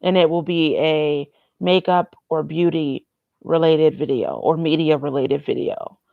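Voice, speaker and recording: A woman's voice: low-pitched, fairly even intonation, unhurried, vocal fry, dry recording, narrow, tinny audio. A young woman vlogging casually, rambling and candid, swearing freely. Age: young adult. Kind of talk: casual vlog monologue.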